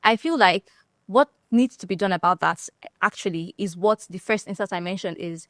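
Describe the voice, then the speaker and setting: Nigerian woman panelist, lively storyteller, close dry mic. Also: mid-range voice, normal speed, no echo. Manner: animated storytelling, laughs often. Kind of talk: casual panel discussion.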